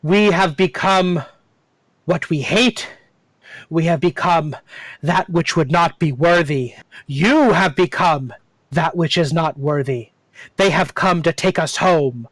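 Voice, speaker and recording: A man's voice: fairly high pitch, slow pace, a bit bright, no room sound. A man voicing a desperate, zealous male cultist in a tabletop game, speaking urgently and solemnly. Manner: urgent pleading, drops to a whisper.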